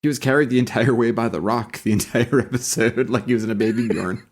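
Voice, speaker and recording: A man's voice: medium pitch, quick pace. A man with a mid-range voice co-hosts a casual podcast, cracking jokes and putting on little voices for quoted lines. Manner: joking, acts out quoted lines. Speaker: podcast co-host. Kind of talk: casual chat.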